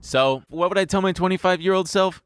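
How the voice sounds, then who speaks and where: A man's voice: high voice, brisk, clean tone, no echo, clean studio sound. A man in his thirties, a podcast co-host, telling a self-deprecating personal story in casual chat, often laughing.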